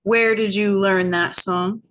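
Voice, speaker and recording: A woman quoting a calm, direct older woman teacher in a gentle, reassuring, matter-of-fact way. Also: mid-range voice, slow pace. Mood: questioning.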